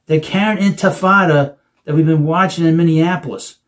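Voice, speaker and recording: A man's voice: on the high side, steady tone, moderate pace. A man hosting political commentary, reading quotes aloud and breaking in with sarcastic asides. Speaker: commentary host.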